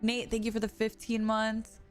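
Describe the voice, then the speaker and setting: A woman's voice: fairly high pitch, monotone, normal speed. A young woman live streaming as she plays a game, chatting casually with her viewers, swearing and laughing often. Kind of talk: casual live-stream chat while gaming. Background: music.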